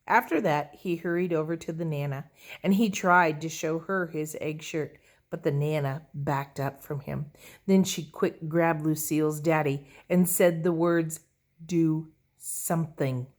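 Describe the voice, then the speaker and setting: This is a woman narrating a children's storybook in an expressive, playful way. Her voice sits fairly low. She reads at a very slow, unhurried pace. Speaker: audiobook reader.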